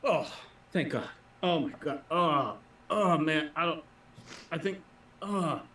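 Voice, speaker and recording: A man's voice: fairly high pitch, slow pace, sharp tone, voice pushed up. A man doing a flustered, sick security guard. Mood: panicked, relieved. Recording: echoey room, distant mic.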